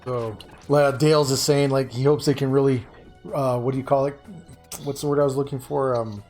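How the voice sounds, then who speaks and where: A chatty man hosting a relaxed gaming stream, talking at an everyday middle pitch. He greets viewers by name and stops to hunt for the right word. Faint game music plays behind him. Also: fairly quick. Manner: chatty, greets chat by name, searches for words. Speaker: streamer host. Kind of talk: casual stream chat while gaming.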